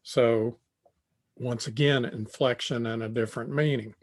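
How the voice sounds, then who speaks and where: An older man giving a tutorial lecture on communication, speaking deliberately and repeating phrases as he thinks. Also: mid-range voice, fairly even intonation. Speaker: tutorial presenter.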